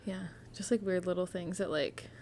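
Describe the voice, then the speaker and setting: A young woman in casual podcast chat, speaking in a relaxed, reflective way with many fillers. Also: fairly low pitch, moderate pace, a little hiss or hum.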